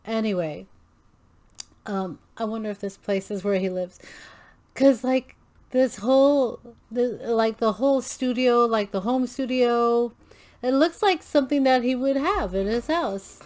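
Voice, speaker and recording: A woman's voice: fairly high pitch, unhurried, darkish tone. A woman hosting a reaction video, gushing and thinking aloud with many restarts and fillers. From Filipino American. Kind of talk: casual reaction commentary.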